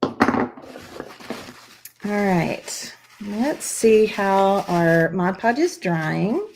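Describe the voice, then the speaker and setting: Her voice is medium-pitched, expressive and a little mellow, with drawn-out words and slight background noise. Hosting a live craft stream, she chats and encourages viewers through each step she demonstrates.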